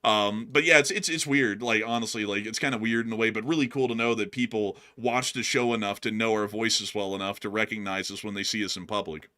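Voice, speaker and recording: An American man co-hosting a news commentary show, chatting casually in an animated, rambling way full of filler words. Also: lowish voice, fairly quick, few pauses. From United States. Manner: animated, acts out voices of fans he meets. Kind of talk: casual chat.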